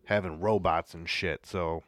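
A man's voice: sits low, fairly even intonation, measured pace, fairly bright tone, no echo, studio quality. A man co-hosting a podcast, musing through ideas with lots of fillers and some swearing. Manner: musing, hedging with fillers, profane. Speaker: podcast co-host. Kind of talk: casual chat.

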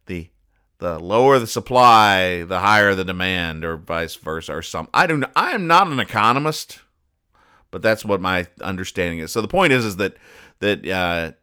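A man's voice: deep voice, bright, forceful tone, smooth. A man hosting a podcast, reading comic strips aloud and explaining the jokes in a rambling way, often stopping and restarting. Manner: rambling, stops and restarts, puzzled asides. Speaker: podcast host. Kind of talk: casual comedic comic-strip commentary.

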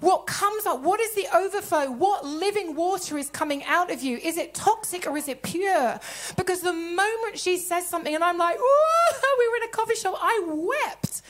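A woman preaching a sermon in a church, telling stories with lively acted-out conversations. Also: very high voice, normal speed. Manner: animated storytelling, acting out conversations in voices.

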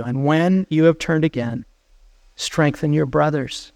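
Earnest preacher with a higher voice. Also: male voice, a little slow, darkish tone, dry recording. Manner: earnest, urgent, exhorting. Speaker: pastor. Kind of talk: sermon.

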